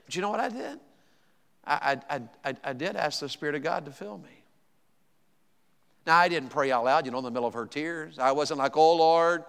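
A 50-something pastor preaches in a church sanctuary, his mid-range voice clear, resonant, and fairly bright. He presses the congregation with emphatic calls, and his stammered repeats ring through the echoey church hall.

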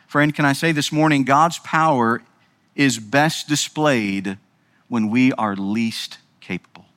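A man's voice: medium pitch, slow, a bit bright. A male pastor preaching a sermon emphatically, speaking directly to his congregation.

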